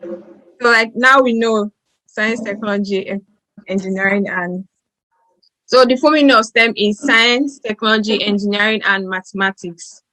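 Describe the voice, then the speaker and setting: A woman's voice: medium pitch, normal speed, bright, forceful tone, rough recording. Hesitant woman hosting an online event. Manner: hesitant, apologetic, frequent restarts. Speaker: event host.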